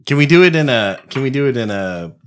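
A man's voice: mid-range voice, sing-song, quick pace, smooth. A man co-hosting a podcast, teasing the others and pushing them for more energy. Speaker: podcast co-host. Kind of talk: casual banter.

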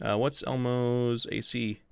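A man's voice: mid-range voice, flat delivery, takes it slowly, creaky, clear, resonant tone, dry recording, studio quality. A man running a tabletop game as game master, rambling with fillers, swearing casually and laughing often.

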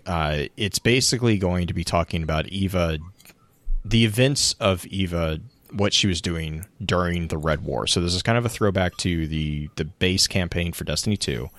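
A man's voice: low voice, lively intonation, normal speed, dry recording. A man hosting a casual online podcast, reading sponsor notes and then chatting loosely with restarts. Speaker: podcast host.

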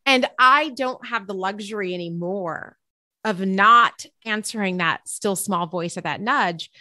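Bright, forceful woman telling a personal story. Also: mid-range voice, measured pace, dry recording, studio quality. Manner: expressive, acts out quoted dialogue. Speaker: interview guest and author; teacher.

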